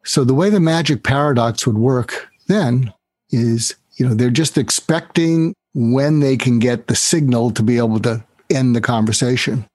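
A man's voice: mid-range voice, normal speed, darkish tone, no echo. A man talking as a guest author in an interview, explaining a sales technique step by step in an instructive way. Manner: instructive, acts out quoted dialogue.

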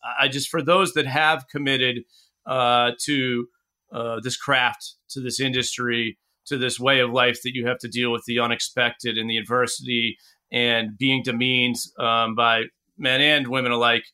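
A man hosting an interview, asking questions in a halting way with repeated words. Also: mid-range voice, flat delivery, pushed and bright, clean tone. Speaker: podcast host.

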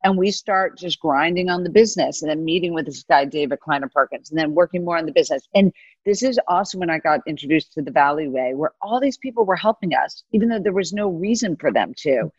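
A middle-aged woman in a casual interview, telling animated stories about her career and acting out the voices of people she quotes. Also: sits low, fast, slightly rough, no echo, highs cut off. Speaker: guest, venture capitalist. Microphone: video call mic.

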